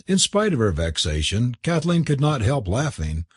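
Husky, expressive male storyteller. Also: medium pitch, normal speed, hardly any pauses, no room sound, studio quality. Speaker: narrator. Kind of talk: scripted audiobook narration.

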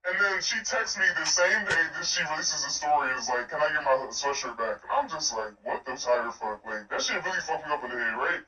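High, bright young man ranting from afar. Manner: profane, exasperated, animated retelling. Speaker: listener telling a story. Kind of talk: casual storytelling rant. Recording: distant, echoey, muffled voice message.

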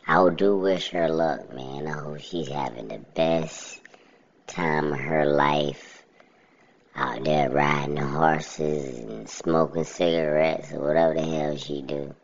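A man's voice: very deep voice, gravelly, slightly rough, dull audio. A man hosting a podcast, telling a story in a blunt, colloquial way with laughing asides. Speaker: podcast host. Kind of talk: casual storytelling monologue.

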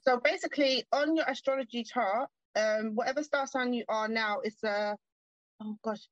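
A British woman from the UK, a guest in a casual interview, talking in a lively, giggly way. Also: on the high side, normal speed, dry recording. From United Kingdom. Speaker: guest, spiritual medium. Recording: dry, muffled remote audio.

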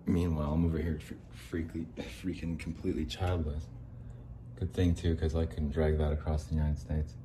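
A man's voice: very deep voice, little pitch movement, brisk, background noise. A man hosting a solo podcast, talking in a joking, digressive way and acting out little scenes. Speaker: podcast host. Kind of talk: rambling solo monologue.

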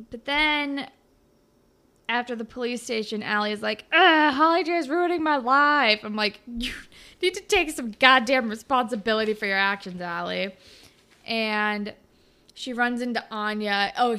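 A woman's voice: fairly high pitch, normal speed, sharp tone, smooth. A young woman co-hosting a casual recap chat, sarcastic and swearing as she acts out characters' lines. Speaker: podcast co-host.

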